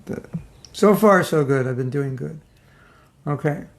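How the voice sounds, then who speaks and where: A man's voice: on the high side, lively intonation, measured pace. A middle-aged man giving an informal, humorous spiritual class, joking with his listeners and acting out their reactions. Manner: joking, conversational, mimics others' reactions.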